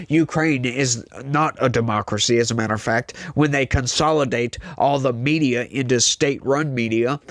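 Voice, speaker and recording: Man, political vlog host, opinionated, chatty with fillers, dry close mic, mid pitch. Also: fairly bright tone, no echo. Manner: opinionated, talks straight to viewers with many fillers and repeats. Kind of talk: casual political vlog commentary.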